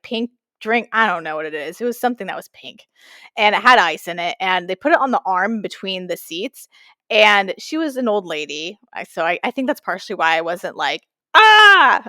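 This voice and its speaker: Woman podcast co-host, lively storyteller, mid pitch, dry close mic. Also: no echo. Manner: animated storytelling with lots of "like". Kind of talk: casual chat.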